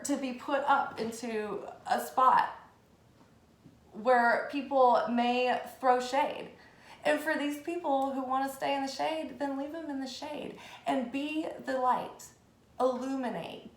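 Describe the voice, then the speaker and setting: A woman tarot reader talking in a casual, animated way on her spiritual vlog, swearing freely as she goes. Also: a little high. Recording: echoey room.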